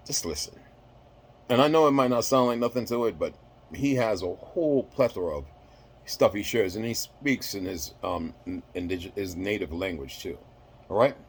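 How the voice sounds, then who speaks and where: A man's voice: on the low side, lively intonation, normal speed, breathy edge. A man talking casually to his followers in a rambling way, repeating words and using many fillers. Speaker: social media poster. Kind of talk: casual chat.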